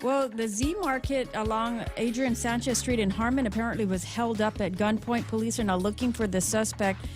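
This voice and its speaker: A woman reading the news headlines on a morning show, in a steady, matter-of-fact way with a few fillers. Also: on the high side, moderate pace, few pauses, over music. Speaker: news reader.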